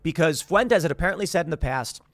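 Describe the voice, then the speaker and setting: A man's voice: a little high, quick pace, no room sound, clean studio sound. A man in his thirties hosting a show, talking casually and rambling through restarts as he recounts a guest's exit. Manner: rambling, restarts, quotes others in animated asides. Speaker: show host. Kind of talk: casual commentary to camera.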